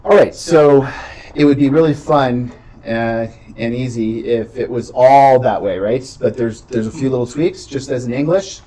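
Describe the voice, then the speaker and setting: A man's voice: medium pitch, moderate pace, dark tone, poor audio. A man teaching a beginning Greek class, explaining patiently and checking in with "right?" often. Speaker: Greek instructor. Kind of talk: classroom lecture.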